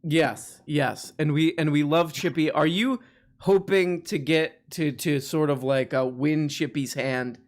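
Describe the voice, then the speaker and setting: A man's voice: a little high, measured pace. A male host with a slightly raised voice talks loosely and teasingly on a casual live show. He circles his points with fillers and restarts before landing them, keeping the chat playful.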